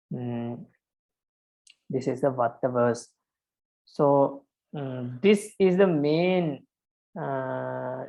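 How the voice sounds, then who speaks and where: Patient monk teaching with a gravelly voice. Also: male voice, mid-range voice, darkish tone, rough recording. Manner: patient, counts syllables aloud, frequent fillers and repeats. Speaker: Pali teacher. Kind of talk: online lesson on verse meter.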